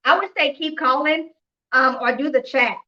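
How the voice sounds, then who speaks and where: A woman hosting a couponing live stream, telling a story in a chatty, animated way, acting out the dialogue and laughing often. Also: high-pitched, moderate pace, dull audio. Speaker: couponing livestream host. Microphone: phone or computer mic on a live stream.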